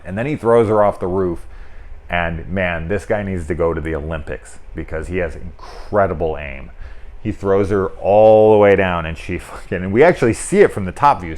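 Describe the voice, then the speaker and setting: A man's voice: sits low, darkish tone. A man giving a casual spoken movie review, rambling with lots of filler words and swearing, amused by the film.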